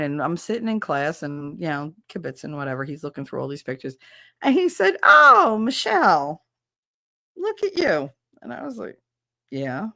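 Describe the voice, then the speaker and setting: A woman's voice: lowish voice, a bit bright, dry recording, studio quality. A woman in her thirties, a livestreamer chatting casually with viewers, telling stories with frequent swearing and laughter. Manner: chatty storyteller, swears freely, laughs often.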